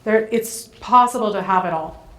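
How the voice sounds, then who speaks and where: A woman's voice: mid-range voice, normal speed. A woman guest speaker chatting with the audience in a casual Q&A after her talk, upbeat and encouraging. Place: town meeting hall. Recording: echoey hall.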